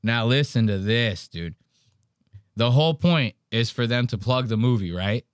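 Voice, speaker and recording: A man's voice: medium pitch, unhurried, clear, resonant tone, no echo, clean studio sound. A man hosting a podcast, reacting to a clip in a casual, profane way and mimicking the people in it. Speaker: podcast host.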